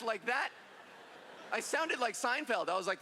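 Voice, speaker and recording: A woman's voice: on the high side, animated, normal speed, long pauses, background noise. A trans woman doing stand-up on stage, self-deprecating and punchy, in front of a live audience. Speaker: stand-up comedian. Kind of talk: stand-up comedy set. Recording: echoey hall with crowd and ambience.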